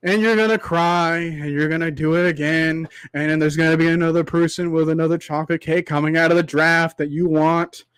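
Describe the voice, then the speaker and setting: With no echo in the recording, a young man's voice sits on the high side with a fairly bright tone. Hosting a livestream, he rants in a preachy way, repeating rhetorical asides and stretching out an extended metaphor as his voice wears from the long talk.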